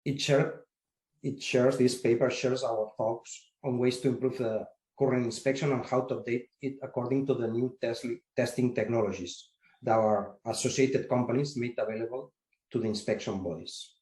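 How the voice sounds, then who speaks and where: A man, secretary general of an industry association, answering interview questions in a formal, measured way with occasional restarts. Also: mid-range voice, steady tone, a little mellow. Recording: roomy echo.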